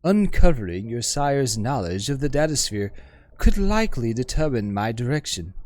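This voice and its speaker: Stately game scholar woman, voiced by a man, measured and formal, with a lively rising-falling melody. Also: medium pitch, natural voice. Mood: measured, gracious. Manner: measured, formal, precise diction. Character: elegant formal woman scholar, serene hive mind.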